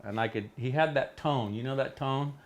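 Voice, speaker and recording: Man, middle-aged, from Hawaii, interview guest, animated storyteller, studio. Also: moderate pace. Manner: animated, acts out quotes with big pitch jumps.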